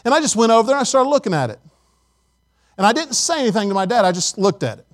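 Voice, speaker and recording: A man's voice: sits high, big pitch swings, fast. A middle-aged male pastor preaching a sermon emphatically, calling on the congregation for responses.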